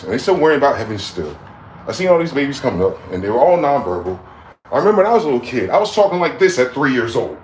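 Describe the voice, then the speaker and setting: A man in his forties hosting a livestream, ranting with heated outbursts that drop to low mutters. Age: 40s. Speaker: livestream host. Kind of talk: profane rant. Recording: echoey room with faint background noise.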